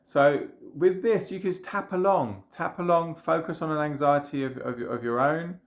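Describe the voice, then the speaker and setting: A man, a trauma healing practitioner, calmly guiding viewers through a tapping exercise with gentle, repeated phrases. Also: fairly high pitch, moderate pace. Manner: gentle, repetitive guided phrases. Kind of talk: guided tapping demonstration.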